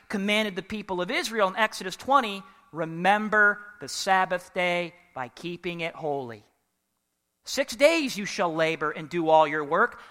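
Male pastor, high bright voice, lively sermon with call-and-response questions, long hall reverb. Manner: animated, humorous, asks the congregation questions.

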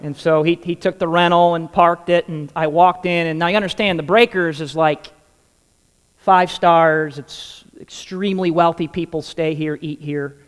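A male pastor with a high voice leads into his sermon with a funny personal story, playing each part of the dialogue as he goes. His words ring out with long reverb in a large church hall. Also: fairly even intonation, moderate pace, clear, resonant tone. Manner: humorous storytelling, acting out dialogue.

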